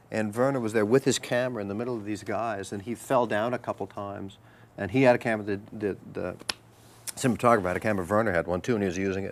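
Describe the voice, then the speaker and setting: A man, an actor, telling anecdotes as a guest in an interview and slipping into voices. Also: on the low side. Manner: animated storyteller, slips into voices.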